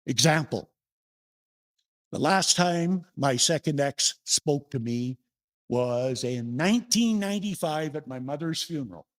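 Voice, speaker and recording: An older man preaches to his congregation in a relaxed, folksy way, telling stories from his own life. His voice sits a little high and swings widely up and down as he asks the room questions. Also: a little slow. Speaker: minister. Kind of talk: sermon. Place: church sanctuary.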